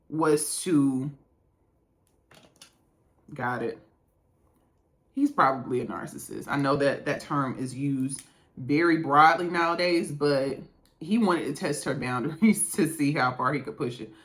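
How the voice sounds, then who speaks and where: A woman's voice: sits low, a little slow. A woman hosting a casual reaction video while doing her makeup, emphatic and giving advice, repeating herself for stress.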